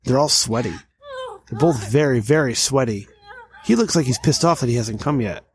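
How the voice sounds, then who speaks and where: A man's voice: medium pitch, lively intonation, normal speed. A drunk man co-hosting a comedy podcast, ranting crudely in mock outrage at an imagined person. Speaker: podcast co-host.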